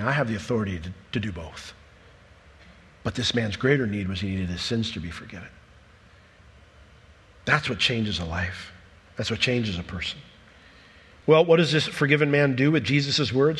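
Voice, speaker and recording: A man preaching a sermon, retelling scripture accounts in an animated storytelling way and briefly acting out the people he quotes. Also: medium pitch, slightly rough, big-room sound. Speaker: pastor.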